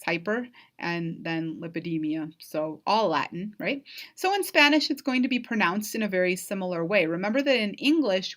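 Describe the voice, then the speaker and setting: A woman's voice: mid-range voice, a bit bright. A woman giving a recorded online lecture as a Spanish instructor, explaining vocabulary patiently and checking in with frequent "right?" and "um".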